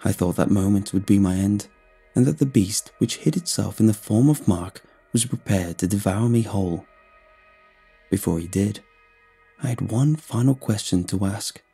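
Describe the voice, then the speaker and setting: A man narrating a scripted horror story in a steady, measured way. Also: lowish voice, gravelly, breathy edge, faint music behind.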